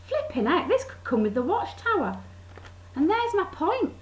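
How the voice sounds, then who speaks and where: A woman's voice: very high voice, very animated, moderate pace. A woman vlogging, sarcastically reading from a leaflet and commenting on it. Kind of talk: casual vlog commentary.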